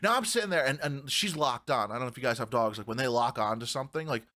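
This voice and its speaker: Excitable bright-voiced man telling stories. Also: medium pitch, fast. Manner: animated, swearing, acts out his own shouts in stories. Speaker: podcast co-host. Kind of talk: casual chat, storytelling.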